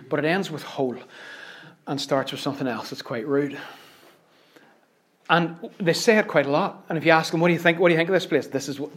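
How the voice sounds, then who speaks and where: A Northern Irish man preaches in a fairly high voice, leaning hard on repeated phrases. He drops to near-whispered asides, then swells to loud emphasis, keeping the delivery lively and insistent. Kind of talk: sermon.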